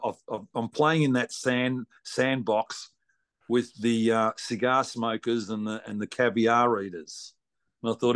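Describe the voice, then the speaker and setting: A man's voice: medium pitch, steady tone, unhurried, fairly bright tone. A man with an Australian accent, a racing guest telling a long story in a blunt, salty, colloquial way. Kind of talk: casual storytelling.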